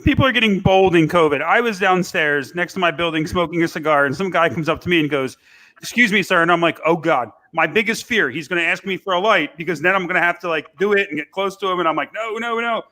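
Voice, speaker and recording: A man with a high, bright voice, telling a blunt and exasperated story on a casual podcast. He sounds fed up with the people he describes. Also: fast talker, few pauses. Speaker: podcast co-host.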